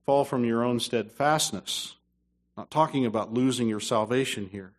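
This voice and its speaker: A man preaching a sermon as pastor, dropping to low asides and rising to loud, emphatic passages. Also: moderate pace.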